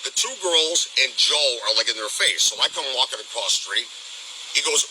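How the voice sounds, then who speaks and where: An older man talks fast and heatedly on a neighborhood street, rambling and peppering his story with mild swears. His voice sits at an ordinary pitch. The sound comes from a police body camera, with a clear layer of outdoor noise behind him. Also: sing-song, pushed and bright. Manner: agitated, rambling, swears often. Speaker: homeowner explaining a fight to police. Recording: noisy body camera audio.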